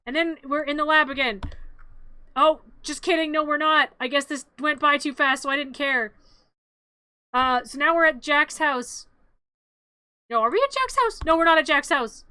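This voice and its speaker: A woman's voice: sits high, normal speed, pushed and bright, clean tone, no room sound. A woman streamer narrating a cartoon in a playful, rambling, giggly way, often correcting herself.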